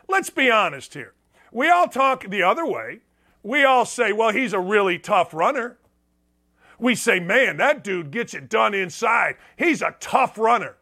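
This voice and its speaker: Sports radio host, a man with a high, bright voice, blunt and sarcastic, lively delivery. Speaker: sports talk show host. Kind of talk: opinionated sports talk monologue.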